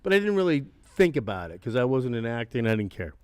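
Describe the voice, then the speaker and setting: A man's voice: mid-range voice, very animated, fast talker, a little mellow, no room sound. An older man, a former actor, telling stories in a casual interview, rambling and profane, acting out other people's lines.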